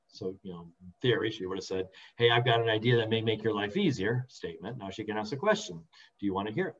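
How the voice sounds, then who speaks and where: A man's voice: mid-range voice, slightly rough. A middle-aged man coaching on teamwork in a conversational, earnest way, with emphatic rises and frequent restarts. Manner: earnest, animated with emphatic rises, repeats words when restarting. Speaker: team coach. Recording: dull lo-fi sound.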